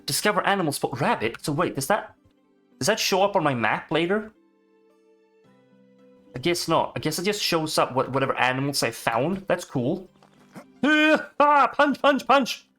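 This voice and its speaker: A man giving casual, excitable commentary while playing a video game, swearing and chatting to the animals he meets. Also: a little high, normal speed, pauses often, soft background music. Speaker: gaming streamer.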